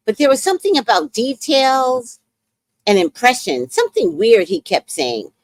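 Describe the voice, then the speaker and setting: A woman hosting a podcast, recapping a reality show in a casual, animated way and acting out what people said. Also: high voice, normal speed, no room sound. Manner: animated, exclaims and acts out quotes. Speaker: podcast host.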